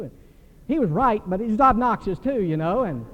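An older man preaching a sermon in a church, animated and telling stories. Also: high-pitched, a little fast. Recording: dull recording with long hall reverb.

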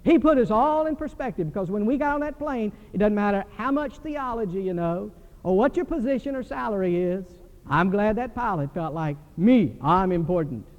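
An older man preaching a sermon in a church, animated and telling stories. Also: sits high, fairly quick. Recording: dull recording with long hall reverb.

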